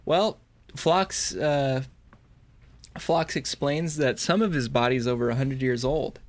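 Casual man recapping an episode. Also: mid-range voice. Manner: rambling, crude jokes, halting restarts. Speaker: podcast co-host.

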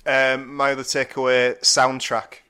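A man co-hosting a podcast in casual film chat, talking hesitantly with many pauses and trailing phrases. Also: medium pitch, monotone, pushed and bright, clean tone. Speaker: podcast co-host.

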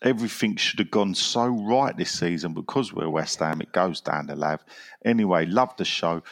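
A man with a low, deep voice hosts a relaxed football podcast. He reads listener messages aloud with dry humour and chuckles at his own asides. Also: normal speed. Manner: dry and wry, laughs at his own jokes. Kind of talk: casual football podcast chat.

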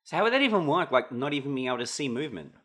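A man co-hosting a casual podcast, arguing his side in a dry, quick way. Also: medium pitch, sing-song, a bit bright. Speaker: podcast co-host and editor. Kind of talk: casual chat.

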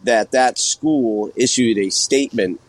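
A man's voice: medium pitch, unhurried, poor audio. A man calling in to a talk show with an indignant complaint. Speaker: caller. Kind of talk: voicemail rant.

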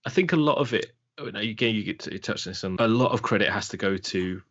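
A man's voice: fairly low pitch, animated, quick pace, fairly bright tone. A man co-hosting a casual football podcast, talking hesitantly with many restarts and fillers. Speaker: podcast co-host. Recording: dull lo-fi sound.

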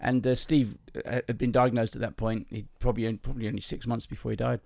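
A man who works as a comedian, chatting casually on a podcast and acting out jokes with lively, sing-song voices. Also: mid-range voice, quick pace, gravelly, dry recording, clean studio sound. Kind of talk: casual chat and joke telling.

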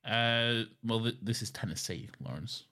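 A man's voice: mid-range voice, animated, unhurried, sharp tone. A man co-hosting a podcast in casual chat, rambling and laughing at himself, with the odd swear. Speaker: podcast co-host.

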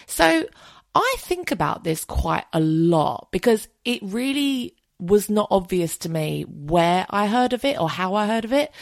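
A woman's voice: fairly low pitch, dry recording, clean studio sound. A woman hosting her own podcast in a casual solo chat, frank and chatty, swearing freely. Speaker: podcast host.

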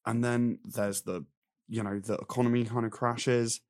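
A young man running through his notes in an exasperated, animated rant. His quoted character voices are mocking. The sound is dry and close. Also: medium pitch, normal speed, no echo. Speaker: film review podcast co-host. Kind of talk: casual chat.

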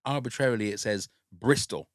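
A man's voice: medium pitch, a little fast, no echo, studio quality. A man hosting a casual podcast chat, talking in a rambling, chatty way that often breaks off mid-thought. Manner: rambling, self-interrupting, chatty. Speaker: podcast host.

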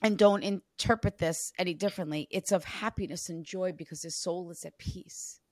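A woman working as a psychic medium, earnestly relaying messages during a reading and often dropping into soft, hushed passages. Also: fairly low pitch, normal speed, no room sound. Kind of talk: spirit reading session.

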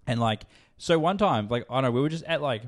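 A man's voice: medium pitch, expressive, fast. A man, co-hosting a casual podcast and telling a crude story, swearing and laughing as he goes. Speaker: podcast co-host.

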